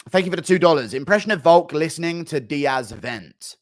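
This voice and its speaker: A man's voice: a little high, lively intonation, brisk, no room sound, studio quality. A man streaming, reading out donations in a blunt, profane, rambling way. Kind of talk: casual chat reading donations.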